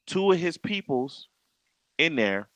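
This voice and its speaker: Young male host, bright tense tone, dry close sound, lively storyteller who voices the people in his tale. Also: a little high, slow, dry recording. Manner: animated, acts out quoted dialogue. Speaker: podcast host. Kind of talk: casual storytelling chat.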